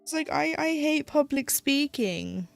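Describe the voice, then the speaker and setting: British woman streamer, casual and rambling, a little gravelly, with faint music behind her. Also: high-pitched, lively intonation, measured pace. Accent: British English. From United Kingdom. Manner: chatty, rambling, with frequent "like" and restarts. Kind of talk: casual chat while stitching on a live stream.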